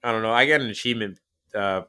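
A man co-hosting a podcast in casual chat, excitable, laughing often, quick to swear and exaggerate. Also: lowish voice, clean tone. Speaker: podcast co-host.

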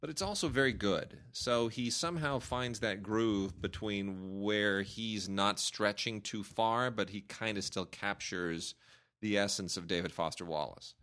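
A man's voice: fairly low pitch, fairly bright tone. A man co-hosting a casual film review podcast, talking enthusiastically and arguing his opinions. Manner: enthusiastic, argumentative, speeds up and slows down. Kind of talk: casual chat reviewing films.

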